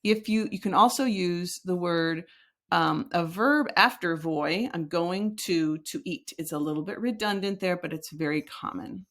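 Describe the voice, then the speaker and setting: A woman's voice: on the low side, unhurried, a bit bright. A woman teaching a recorded lesson, explaining step by step and modeling example sentences aloud. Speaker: Spanish teacher.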